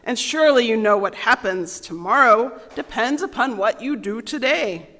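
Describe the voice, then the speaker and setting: A woman's voice: fairly high pitch, expressive, normal speed, bright, forceful tone. A woman voicing a solemn, wise storybook anteater. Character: wise, earnest anteater parent. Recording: long reverb in a large hall.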